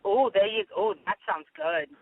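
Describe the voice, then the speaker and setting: Woman, singer guest, animated, teasing, phone-line sound. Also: medium pitch, normal speed, no room sound. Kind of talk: casual chat.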